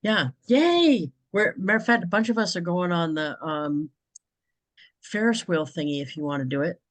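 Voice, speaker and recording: A woman's voice: fairly low pitch, animated, moderate pace, no room sound. A woman from New England hosting a casual video-call chat, talking freely and laughing often. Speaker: host.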